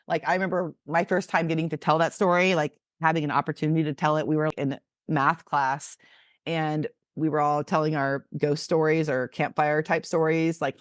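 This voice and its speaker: A woman in her forties with a low voice tells stories on a podcast, acting out each quote with animated energy. The sound is dry and close to the mic. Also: no room sound. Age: 40s. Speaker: podcast co-host. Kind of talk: casual storytelling chat.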